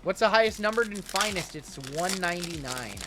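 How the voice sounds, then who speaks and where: A man's voice: high-pitched, animated, brisk, music in the background. A man hosting a trading card break livestream, chatting casually and answering viewer questions as he opens packs.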